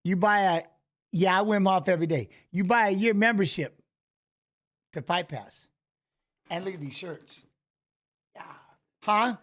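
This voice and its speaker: High-voiced man telling a heated story. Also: unhurried, pauses often. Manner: animated storytelling, swearing, restarts. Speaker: co-host of a fight preview show. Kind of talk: casual chat.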